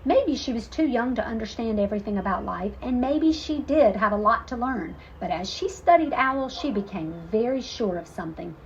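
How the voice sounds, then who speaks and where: Expressive woman reading a picture book. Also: a little high, normal speed, hardly any pauses, dull audio, a little hiss or hum. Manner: expressive, with chatty asides to young listeners. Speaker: storytelling teacher.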